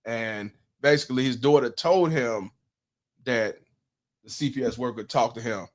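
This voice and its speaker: A man's voice: medium pitch, normal speed. A man, hosting a commentary stream, blunt and profane, putting questions to his audience. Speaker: host.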